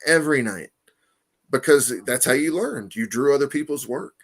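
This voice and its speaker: Animated, swearing man telling a story. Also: medium pitch, moderate pace. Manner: animated, profane, lots of "you know what I mean"; acts out quoted voices, laughs often. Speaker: comic artist guest. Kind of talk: casual storytelling interview.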